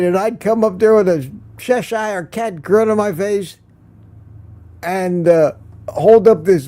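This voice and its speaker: Guy doing a chill morning live stream, kinda high warm voice, chuckles a lot while he rambles. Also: expressive, moderate pace. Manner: rambling storyteller, chuckles often; reads and answers viewer comments. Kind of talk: casual live-stream chat.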